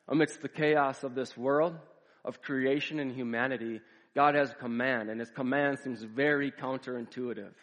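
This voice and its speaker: A man preaches and tells a story in a measured, dramatic rhythm, leaning on repeated phrases. His voice sits in a middle pitch. The sound carries the long reverb of a large church hall. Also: steady tone, fairly bright tone. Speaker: pastor. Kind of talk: sermon storytelling.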